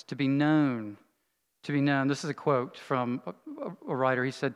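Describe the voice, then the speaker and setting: A middle-aged man, a pastor, telling a personal story in a sermon, earnest and falling to a hush at tender moments. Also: mid-range voice, fairly even intonation, moderate pace, clean tone. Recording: long reverb of a large hall.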